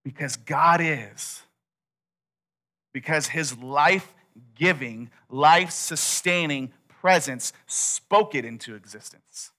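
Lively, bright-voiced man preaching. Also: a little high. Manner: animated storytelling, acts out quotes. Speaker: pastor. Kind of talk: sermon.

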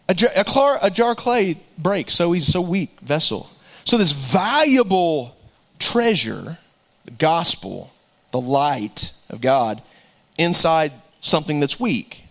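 A pastor with a high voice for a man preaches a folksy sermon. He talks in an animated way, throws in jokes and often repeats words as he goes.

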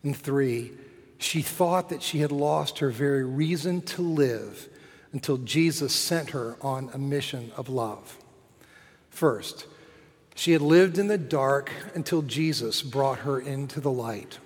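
A man, a cathedral dean, preaching a sermon in slow, measured phrases with emphatic rises. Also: mid-range voice, slightly rough. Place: large cathedral. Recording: long hall reverb.

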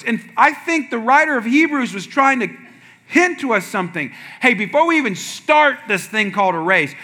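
A man preaching a sermon to his congregation. His voice sits high and rings very bright. He tells his stories with energy, dropping to quiet asides and then rising to shouted punchlines. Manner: storytelling, animated with wide swings from quiet asides to shouted punchlines. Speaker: pastor.

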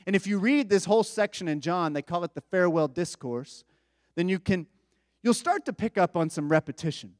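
Conversational pastor, fairly high voice. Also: male voice, lively intonation, fairly quick, darkish tone, no room sound, studio quality. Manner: conversational, asks listeners for agreement. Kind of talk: sermon.

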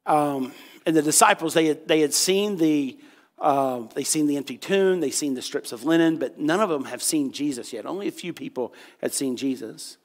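A man preaching with a notably high voice, casual and joking as he retells the story, full of "you know" and "um". His words ring out with a long reverb, as in a large church sanctuary. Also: normal speed. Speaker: pastor. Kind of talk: sermon.

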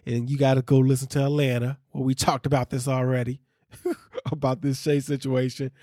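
A man hosting a casual recap podcast, talking in an animated way, laughing and quoting people as he tells the story. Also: medium pitch, normal speed, no room sound, clean studio sound. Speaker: podcast host.

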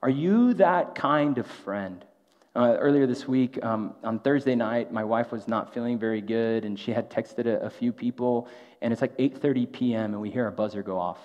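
In a conversational, informal sermon, a pastor regularly asks a rhetorical "right?". He has a medium-pitched, darkish male voice and speaks at normal speed. The recording is dull and lo-fi, with a long hall reverb.

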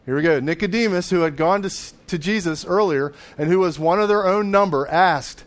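A pastor with a high, brisk voice preaches a sermon conversationally, now and then acting out the voices of biblical figures in the story and laughing along the way.

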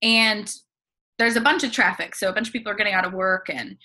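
An American woman, appearing as a podcast guest, tells a laid-back travel story at a quick clip. Her mid-pitched voice sounds bright and forward, and she keeps things breezy and chatty with plenty of casual fillers.

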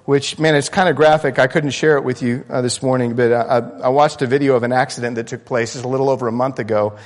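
A man's voice: medium pitch, steady tone, fast talker. Earnest male pastor preaching in a reverberant church. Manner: earnest, conversational preaching that builds in intensity. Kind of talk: sermon. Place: church sanctuary.

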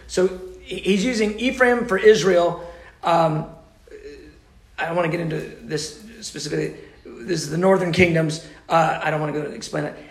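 A man teaching a sermon with passion, swinging between loud urgent pleading and hushed, intimate tones. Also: on the high side, vocal fry, roomy sound. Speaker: preacher.

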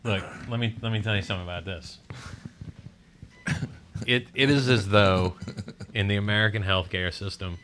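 A man's voice: fairly low pitch, fairly even intonation, moderate pace, long pauses, fairly bright tone, slight background noise. A man on a podcast, recorded in a hospital room, ranting in casual, profane, emphatic chat.

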